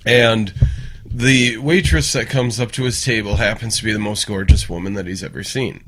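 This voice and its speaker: A man's voice: on the low side, animated, unhurried, noisy background. Blunt, profane man chatting on a podcast. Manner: blunt and profane, telling jokes. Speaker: podcast co-host. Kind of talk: casual chat.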